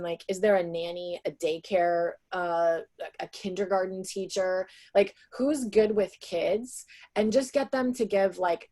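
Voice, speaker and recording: Woman trainer in her 30s, slightly low voice, chatty webinar delivery heard over a video call, lots of ums and likes. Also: darkish tone. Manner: chatty, with many "um" and "like" fillers. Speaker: sales trainer presenting to real estate agents. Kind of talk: casual webinar presentation.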